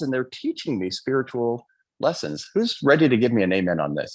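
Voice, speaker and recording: A man's voice: medium pitch, big pitch swings, fairly quick, darkish tone. A man giving a live motivational speech in a fervent way, often asking the audience questions and acting out quotes in changed voices. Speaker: motivational speaker.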